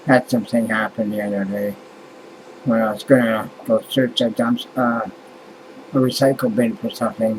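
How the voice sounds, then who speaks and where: Man, casual vlog monologue, rambling, profane, exasperated, mid-pitched voice, faint air-conditioner hum. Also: a little mellow, rough recording. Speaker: vlogger.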